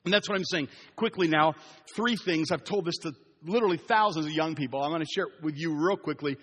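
A man's voice: a little high, quick pace, a bit bright, husky. A middle-aged man preaching a sermon as pastor in a church, with a conversational, storytelling manner. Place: church hall. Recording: reverberant church hall.

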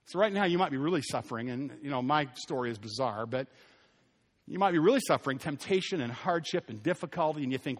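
A man preaching a sermon as pastor, telling stories with lively, animated delivery and acting out the people he quotes. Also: on the high side, fast. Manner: animated storytelling, voices quoted characters. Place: church sanctuary. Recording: long hall reverb.

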